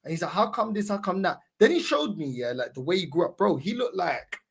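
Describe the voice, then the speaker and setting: A man telling a story in casual chat, animated and laughing, with a lot of slang. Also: sits high, brisk, vocal fry, breathy edge.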